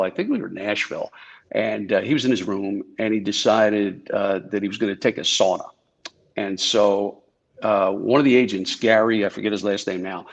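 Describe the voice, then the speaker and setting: A man's voice: on the low side, creaky, highs cut off. A man from New Jersey telling casual, chatty stories as a guest speaker on a video call. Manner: chatty anecdotes with many fillers. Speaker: guest speaker, former Secret Service agent. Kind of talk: casual storytelling talk.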